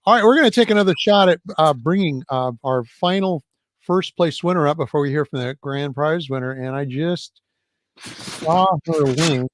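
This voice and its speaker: A man's voice: a little high, moderate pace, no echo, studio quality. A man hosting an event, chatting easily and joking while he works through technical problems. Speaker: event host. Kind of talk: casual hosting chat.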